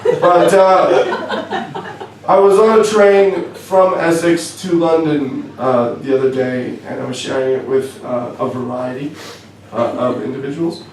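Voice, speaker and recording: A man's voice: a little high, steady tone, measured pace, a little mellow, far from the mic. A young Canadian man doing a stand-up comedy set in a club, wry and self-deprecating, stumbling over fillers as he goes. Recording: echoey club, voice from afar, faint room noise.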